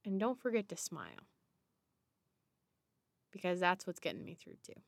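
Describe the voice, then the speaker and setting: A woman hosting her own podcast, speaking in a reflective, encouraging way with unhurried pauses and small restarts. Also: fairly low pitch, wildly swooping pitch, creaky, no room sound. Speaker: podcast host. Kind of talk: reflective solo monologue.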